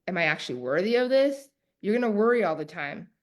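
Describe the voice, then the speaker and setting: A woman coach teaches a live online masterclass in an emphatic, preacher-like cadence, repeating key phrases and talking straight to her viewers. Her mid-range voice is very animated and quick.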